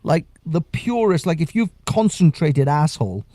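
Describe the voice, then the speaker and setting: A man's voice: on the high side, sing-song, normal speed, dark tone, no echo. A man hosting a late-night live stream, sleep deprived, rambling and laughing often in casual chat.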